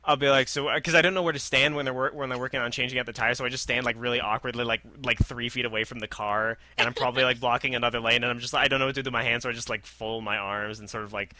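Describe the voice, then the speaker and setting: A young man in casual conversation, telling awkward stories about himself with wry humor. His voice is very bright and sharp. It is recorded close and dry. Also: medium pitch, fairly even intonation, very fast, hardly any pauses, no room sound. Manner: wry, laid-back storyteller with awkward humor. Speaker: podcast co-host. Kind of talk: casual chat.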